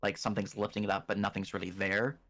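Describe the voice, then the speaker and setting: A man's voice: on the low side, level tone, fast, a bit bright, a little hiss or hum. A man narrating a tabletop game as game master, casual and hesitant, with many fillers and restarts.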